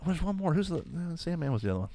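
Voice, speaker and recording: A man's voice: on the high side, sing-song, rapid-fire, warm tone. A man co-hosting a podcast in casual chat, talking enthusiastically and gushing about what he likes. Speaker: podcast co-host.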